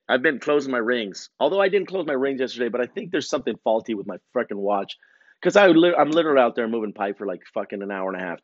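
Heard on a dry recording with dull audio, a man in his forties with a mid-range voice hosts a podcast. He rambles casually, swearing and teasing himself as he drifts along.

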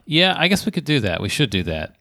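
A man's voice: medium pitch, big pitch swings, quick pace, sharp tone, dry recording, clean studio sound. A man hosting a podcast, chatting in a laid-back way with hesitant restarts. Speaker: podcast host. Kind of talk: casual chat.

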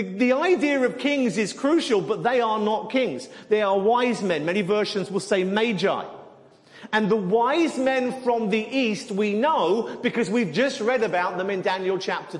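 High-voiced man preaching in a hall. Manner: animated teaching with repeated words. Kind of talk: sermon. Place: church hall. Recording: long hall reverb.

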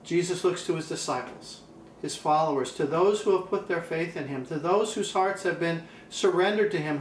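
High-voiced pastor preaching in an echoey room. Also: male voice, a little hiss or hum. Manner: emphatic, repeats key phrases, slows down for weight. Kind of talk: sermon.

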